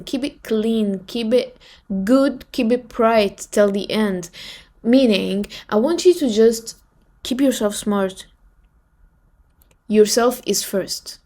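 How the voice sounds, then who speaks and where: A woman's voice: medium pitch, warm tone. Woman lecturing on cheating guys, firm and preachy, says it over and over. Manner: preachy, emphatic, repeats advice. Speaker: commentator. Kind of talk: advice commentary.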